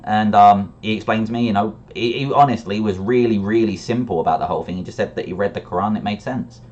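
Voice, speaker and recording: A man with a fairly low voice tells his own story in a relaxed monologue. He sounds reflective and candid, and he often repeats words as he restarts a thought. The recording sounds dull and lo-fi. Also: quick pace. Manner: reflective and candid, with frequent restarts and brief laughs. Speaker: storyteller sharing a personal conversion story.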